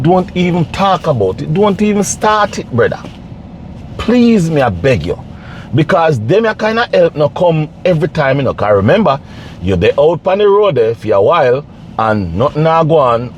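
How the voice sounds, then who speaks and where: A man's voice: fairly high pitch, a little mellow, a little hiss or hum. A man giving casual, pleading commentary to camera, repeating himself and preaching. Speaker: vlogger.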